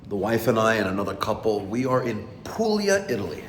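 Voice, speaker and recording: With a lowish, sing-song voice and a brisk pace, a middle-aged man vlogs casually as he walks a resort with pools, chatting to his folks and at times whispering. Slight background noise is present.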